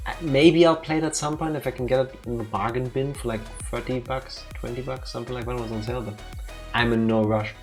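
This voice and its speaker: Casual teasing chat from a woman with a danish accent, some theatrical asides over soft game music. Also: extremely low pitch, steady tone, quick pace. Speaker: let's play co-host.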